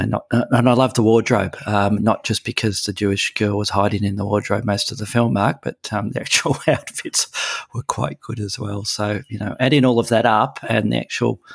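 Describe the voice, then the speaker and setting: A husky, gravelly man talks in a casual radio chat. He hesitates often and fills gaps with ums. His voice sits a little low and sounds dry and close. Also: no echo. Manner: hesitant, many ums and restarts. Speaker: regular guest on a veterinary news segment.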